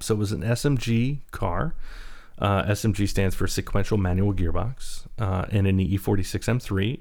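A young man talks alone into the mic for his podcast, rambling and self-deprecating, with plenty of fillers and restarts. His voice sits on the low side, and his talk is loose and conversational. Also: a little mellow. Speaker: podcast host. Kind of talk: casual solo podcast talk.

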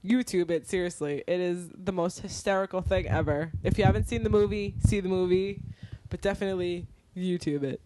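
A woman's voice: lowish voice, fairly even intonation, brisk, few pauses, heavy background noise. A woman co-hosting a casual podcast chat, gushing and giggling through crude jokes on a close microphone. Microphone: close studio mic.

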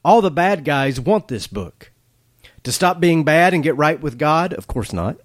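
A man preaching a sermon as pastor, telling stories, asking the listener questions and pausing for effect. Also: a little high, sing-song, no room sound, clean studio sound. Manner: storytelling with dramatic pauses and rhetorical questions. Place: church, filmed for online streaming. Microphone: camera setup.

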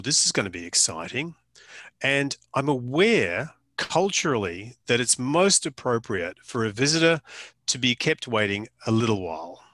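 A man's voice: mid-range voice, pushed and bright, no echo. A man, a photographer, casually telling a long anecdote to a small group, with frequent restarts and dry humor.

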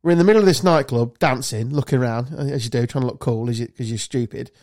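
A young man tells a long, winding anecdote in casual podcast chat. He swears freely and rambles through the story with animated energy. His voice sits at an ordinary male pitch. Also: fast. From South Lincolnshire, England. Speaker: podcast host.

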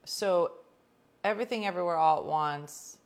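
A woman hosting a casual chat, telling rambling stories with quick whispered asides. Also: on the low side.

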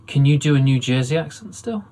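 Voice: medium pitch, expressive, fairly quick, warm tone. An interviewer asking questions in a friendly, casual chat, often laughing and cutting in with short replies. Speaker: interviewer, podcast host.

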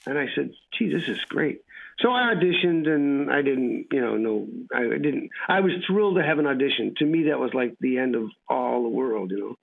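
Gravelly man telling stories over radio. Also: mid-range voice, expressive, a little fast, few pauses. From United States. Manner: rambling storyteller, acts out dialogue. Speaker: actor guest. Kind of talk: casual anecdotal interview. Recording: tinny phone-like radio line.

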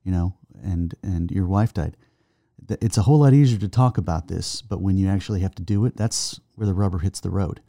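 A middle-aged man giving an earnest faith testimony in conversation, halting and restarting, reciting verses slowly. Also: sits low, gravelly, mellow, no room sound, clean studio sound. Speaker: guest, son of the host.

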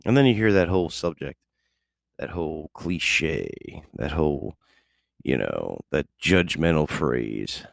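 A man's voice: a bass voice, big pitch swings, takes it slowly, vocal fry, no room sound, studio quality. A man talking casually and profanely in a rambling monologue, laid-back and chuckling often.

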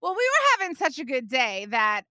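Woman, thirties, podcast host, chatty, laughing, fairly high voice. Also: fairly quick, dry recording, clean studio sound. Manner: animated, chatty, frequent laughs; frequent fillers such as like and you know. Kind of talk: personal devotional storytelling.

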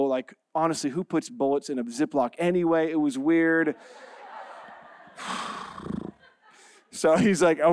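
Forty-something pastor guy, high clear voice, jokey storytelling then preaching. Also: a little mellow. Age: 40s. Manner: humorous, self-deprecating storytelling, laughing often. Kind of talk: sermon with a storytelling opener.

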